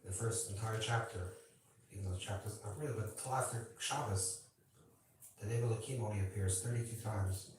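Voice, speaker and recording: Heard from a distance in a very echoey room with slight background noise, a rabbi speaks briskly in a lowish voice. His informal teaching talk to a gathering is conversational, full of checks that people are following and playful asides to the crowd.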